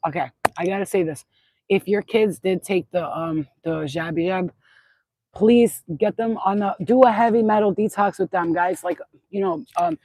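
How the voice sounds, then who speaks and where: A woman's voice: mid-range voice, a little mellow, low-quality recording. A middle-aged woman rambling in a casual livestream chat outdoors at sunset, swearing freely and repeating herself as she goes. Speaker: spiritual channel host.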